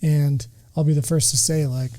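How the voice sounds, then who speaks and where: Earnest guy on a podcast, pretty high voice but really dark and mellow tone, talks about his faith. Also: little pitch movement, moderate pace, rough recording. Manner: earnest and emphatic, speaks in faith terms. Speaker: podcast guest, returning regular. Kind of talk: casual heartfelt chat.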